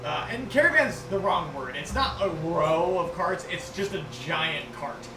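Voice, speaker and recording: A man's voice: a little high, lively intonation, a little slow, reverberant, recorded from a distance, music in the background, low-quality recording. A man narrating a tabletop game as game master, rambling and swearing freely.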